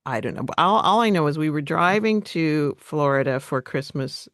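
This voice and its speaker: A woman's voice: low voice, lively intonation, normal speed, a bit bright, dry recording, studio quality. A woman from northern Minnesota hosting an interview, chatty and friendly. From northern Minnesota, USA. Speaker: podcast host. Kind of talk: casual interview chat.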